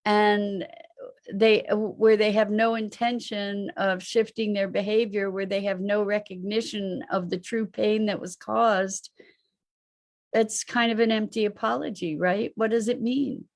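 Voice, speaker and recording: Woman host, slow reflective talk, rhetorical questions, mid-pitched voice. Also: fairly even intonation. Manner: unhurried, musing, with rhetorical questions. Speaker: host and teacher. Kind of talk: reflective live online talk.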